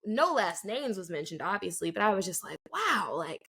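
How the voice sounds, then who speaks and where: A young adult woman co-hosting a podcast tells a story casually in a mid-range voice at normal speed, with vocal fry and a bit of hiss or hum in the audio. She's animated, acts out the quoted dialogue, and says "like" a lot.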